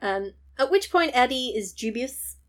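A woman's voice: high voice, animated, measured pace. A woman, co-hosting a casual podcast and animatedly retelling a film's plot, swearing freely and slipping into character voices. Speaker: podcast co-host. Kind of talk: casual film recap chat.

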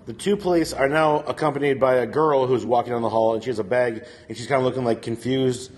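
A man's voice: medium pitch, fast. A man telling a rambling story to friends in casual chat, laughing often and filling with "like". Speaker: storyteller on a comedy podcast.

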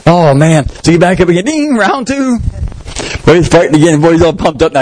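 A male pastor preaching in a church, with a voice pitched a little high for a man. He tells an animated story and punctuates it with loud, bursting sound effects. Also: fairly quick, no echo, poor audio. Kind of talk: sermon.

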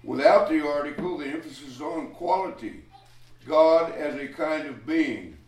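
A man's voice: on the high side, moderate pace. A man preaching a sermon, teaching a Bible passage in a folksy, rambling way with restarts and chuckles. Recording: echoey room, voice from a distance.

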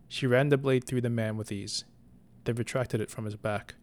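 A man narrating a story in a slow, deliberate scripted reading as the show's storyteller. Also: mid-range voice, steady tone. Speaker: podcast storyteller.

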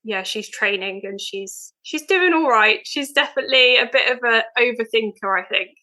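A woman's voice: a little high, animated, normal speed, pushed and bright, low-quality recording. A young woman, a podcast guest chatting eagerly with lots of fillers. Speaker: guest, veterinary nurse. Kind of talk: casual podcast chat.

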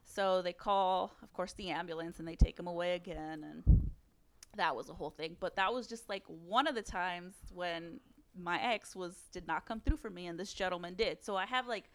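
A woman's voice: on the low side, moderate pace. A young woman co-hosting a podcast, telling a personal story in casual chat, candid and full of fillers and swearing. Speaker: podcast co-host.

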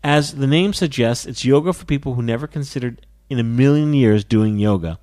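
A man's voice: mid-range voice, fairly quick, a little mellow. A man hosting a casual podcast, chatty, laughing often and reading out listener mail. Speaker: podcast host.

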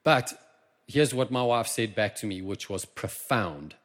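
South African male pastor, lively pitch, preaches with swells from hushed to loud. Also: measured pace. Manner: impassioned, swings from quiet to loud. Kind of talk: sermon. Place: church.

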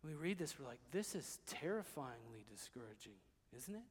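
A man preaching a sermon as pastor, dropping to hushed, quiet passages and then rising to loud, emphatic declarations. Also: medium pitch, sing-song, brisk, husky, long reverb tail.

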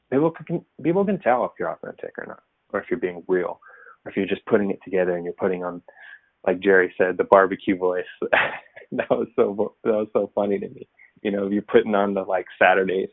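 A pastor with a deep voice delivers a loose, conversational sermon, poking fun at himself and using plenty of fillers. The recording is dry and tinny, like it came through a phone.

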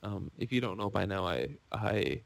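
Gravelly man ranting excitedly. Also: on the low side, moderate pace. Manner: excitable, rambling, gushing. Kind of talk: casual podcast rant.

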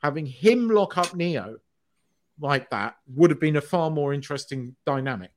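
A man's voice: fairly high pitch, animated, moderate pace. A man co-hosting a casual podcast chat about films, hesitant, with frequent restarts. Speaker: podcast co-host.

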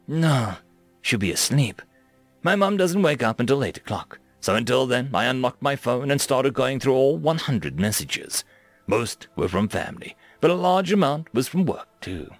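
Animated, gravelly male story narrator. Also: mid-range voice, moderate pace, dry recording, soft background music. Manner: animated, acting out his own dialogue. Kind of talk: reading a fantasy story aloud.

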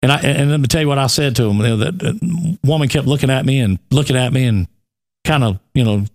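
A Southern man in his forties chatting casually as a co-host, telling animated stories full of fillers. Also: medium pitch, quick pace, creaky. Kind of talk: casual chat.

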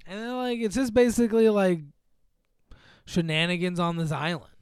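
A man with a fairly high, smooth and clear voice talks through a film plot in loose, rambling chat. He swears freely and leans on filler words. The recording is close and dry, with no room sound. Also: normal speed, no room sound. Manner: rambling, swears freely, acts out quoted lines. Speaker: podcast host recapping a movie. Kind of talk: casual profane chat.

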